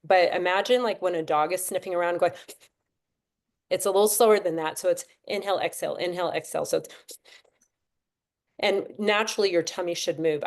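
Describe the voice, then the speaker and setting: Lower-voiced woman guiding breathwork. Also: a little mellow. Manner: chatty, encouraging, talks the class through counts. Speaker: breathwork instructor. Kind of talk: guided breathing class on a video call. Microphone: video call.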